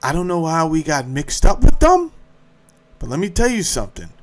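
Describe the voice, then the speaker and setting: Animated, profane male storyteller. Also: fairly high pitch, moderate pace. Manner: profane, animated, acts out quotes. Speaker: podcast host. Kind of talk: comedic storytelling.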